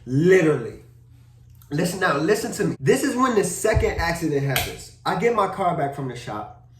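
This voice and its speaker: A young man from Maryland telling a car crash story in a casual vlog, animated, full of slang and cursing. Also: fairly high pitch, normal speed, far from the mic, a little hiss or hum. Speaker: vlogger. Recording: roomy echo, a bit off-mic.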